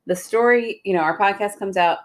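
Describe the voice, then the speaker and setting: A woman's voice: mid-range voice, a little fast. A woman, co-hosting a podcast, chatting and reading stories aloud, laughing easily. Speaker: podcast co-host. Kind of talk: casual chat, reading a listener story.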